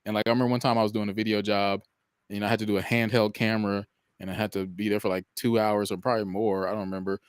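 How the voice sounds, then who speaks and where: Lockerer Mann mit tieferer Stimme. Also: male voice, on the low side, rapid-fire, smooth, dry recording, clean studio sound. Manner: relaxed, rambling with many fillers and restarts. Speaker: podcast co-host. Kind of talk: casual chat.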